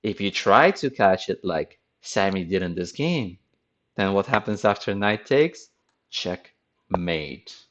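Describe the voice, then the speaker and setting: A man's voice: sits low, animated, takes it slowly, a bit bright. A man commenting on a chess game as a teacher, with a playful, dramatic storytelling manner, on a dull lo-fi recording.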